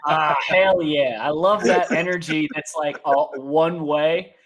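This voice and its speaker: A man's voice: on the high side, fairly even intonation, takes it slowly, a loud crowd. A man co-hosting a comedy show, joking animatedly and laughing. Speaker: co-host comedian. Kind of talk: casual chat.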